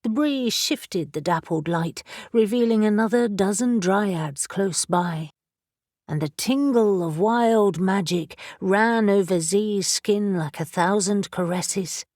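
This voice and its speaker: A woman with a mid-range voice narrates a fantasy audiobook in an even, measured storytelling style. It's scripted narration, recorded at studio quality with no room sound.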